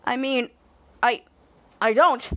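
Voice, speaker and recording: A woman's voice: on the high side, slow, pushed and bright, dry recording. A woman voicing a boastful adult male superhero leader who is self-important and flustered. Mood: bossy.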